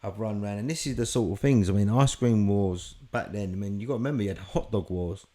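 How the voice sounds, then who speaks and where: A man's voice: on the low side, fast, warm tone. Profane man telling a story. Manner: vivid, profane storyteller who acts out quotes. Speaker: guest. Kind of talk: storytelling in a podcast conversation.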